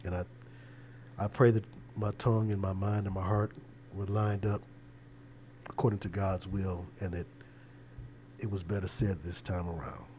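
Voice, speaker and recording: A man's voice: low voice, level tone, moderate pace, long pauses, a little mellow, a little hiss or hum. A man who is a preacher, hosting a casual livestream with conversational, preachy commentary and a habit of repeating words. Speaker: preacher and show host.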